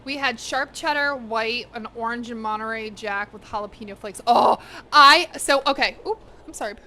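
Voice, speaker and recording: Bright-voiced woman chatting while cooking. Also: a little high, normal speed, slight background noise. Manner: chatty, talks to chat and to her pets. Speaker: cooking streamer. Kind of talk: casual livestream chat while cooking. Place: home kitchen.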